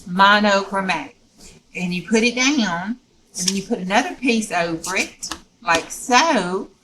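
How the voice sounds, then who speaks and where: A woman's voice: mid-range voice, lively intonation, measured pace, noisy background. A woman teaching a step-by-step craft tutorial in a folksy, chatty way, often checking in with "okay?".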